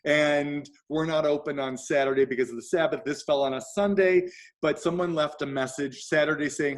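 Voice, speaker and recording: A man hosting a talk show, telling an animated story and acting out the people he quotes. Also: on the high side, moderate pace. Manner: acts out quoted voices, shifts pace often. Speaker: show host.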